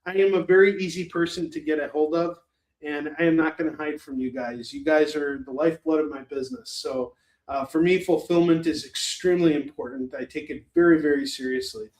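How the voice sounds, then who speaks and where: A man's voice: on the high side, steady tone, a little fast, darkish tone. A man hosting a live shopping stream in a rambling, chatty, self-mocking way. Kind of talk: casual chat. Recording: roomy echo.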